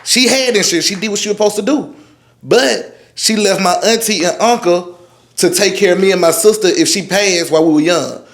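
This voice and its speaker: Forty-something guy with a high voice, rambly casual talk, roomy echo. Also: brisk. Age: 40s. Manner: loose, rambling, leans on "you know what I'm saying". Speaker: roundtable guest. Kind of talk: casual chat. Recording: echoey room.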